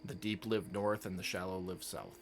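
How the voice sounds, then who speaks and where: A man runs an online tabletop game as game master, calmly clearing up confusion about the quests. His voice sits fairly low, and there is a faint hiss behind it. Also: normal speed.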